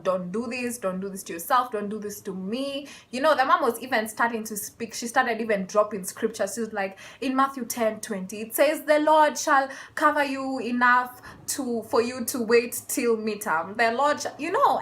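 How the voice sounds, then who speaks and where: A young woman vlogging a casual storytime, animated and laughing as she acts out the people in it. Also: mid-range voice.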